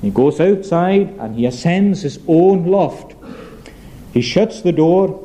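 A man preaching a sermon, earnest and emphatic, slowing down on weighty phrases. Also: a little high, animated, dark tone.

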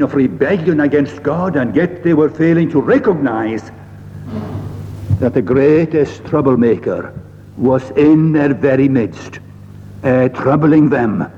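A man preaching a sermon in a slow, measured way, pausing often and quoting old scripture phrasing, recorded in a church. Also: mid-range voice, a little hiss or hum. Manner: slow, measured delivery with frequent "uh" pauses and archaic scripture phrasing. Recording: dull lo-fi recording in a reverberant hall.

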